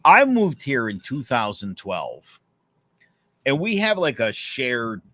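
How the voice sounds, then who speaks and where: A man co-hosting a casual podcast, telling animated stories. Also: mid-range voice, slow, no echo. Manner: animated storyteller who acts out dialogue. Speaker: podcast co-host.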